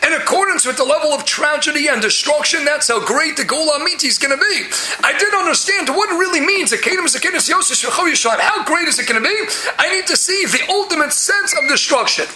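A man gives a lively Talmud class and keeps bursting into loud, emphatic stretches. His voice sits very high and cuts through sharply. The room around him rings with echo and a faint hiss. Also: fast talker. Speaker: Torah teacher.

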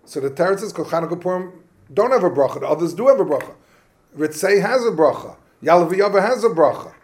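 A man's voice: sits high, lively intonation, quick pace. A man teaching a Talmud class, thinking aloud, asking the class questions and often restarting.

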